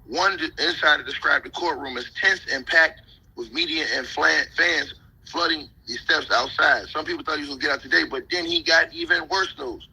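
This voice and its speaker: A man's voice: fairly high pitch, normal speed, pushed and bright, slightly rough, poor audio. A man on a live stream reading news reports aloud and riffing on them in slang. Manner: reads reports aloud then riffs in slang.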